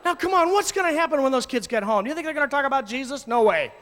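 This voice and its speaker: A man telling lively stories to an audience as a youth ministry speaker, acting out voices and shouting at times. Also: extremely high pitch, racing, a little hiss or hum. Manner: animated, acts out voices and shouts. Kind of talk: storytelling talk to an audience. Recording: long hall reverb.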